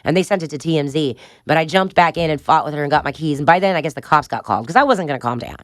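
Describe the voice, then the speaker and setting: A woman in middle age rattles off a chaotic tale at a brisk clip, blunt and profane, laughing at her own story. Her voice is close and dry, with no room sound around it. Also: deep voice, dry recording. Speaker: guest. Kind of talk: candid storytelling interview.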